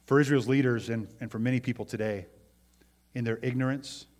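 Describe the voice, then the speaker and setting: A man's voice: medium pitch, steady tone, fairly quick. Man preaching with questions to his congregation. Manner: voice rises and falls widely in loudness, dropping soft at phrase ends. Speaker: pastor. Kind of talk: sermon.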